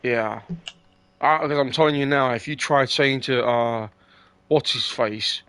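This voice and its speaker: A man's voice: mid-range voice, a little slow, a bit bright, smooth, no room sound. A young man hosting a casual chat, rambling and swearing, with lots of fillers and restarts.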